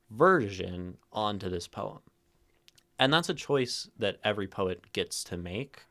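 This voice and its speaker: A man with a low-pitched voice talks through a poem on a livestream into a streaming mic. He's reflective and explanatory, stressing different words in turn and tagging thoughts with "right?" to keep chat with him. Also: a bit bright. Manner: thoughtful, tags phrases with "right?"; plays with stress, rereading lines different ways. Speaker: streamer hosting a poetry reading. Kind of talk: livestream poetry analysis to chat. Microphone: streaming mic and camera.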